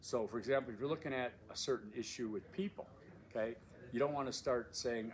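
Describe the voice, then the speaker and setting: A man's voice: mid-range voice, fairly quick. Emphatic male instructor outdoors in wind. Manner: emphatic, repeats key phrases, many fillers. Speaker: course instructor. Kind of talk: casual video course introduction. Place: outdoors at a windy canyon overlook.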